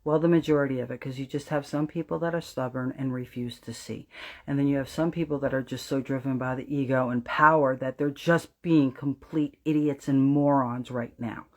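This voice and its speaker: A woman with a New Jersey accent hosting a spiritual astrology livestream, talking emphatically and preachily to her viewers, swearing freely and dropping to an intent low voice for emphasis. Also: fairly even intonation, a little fast.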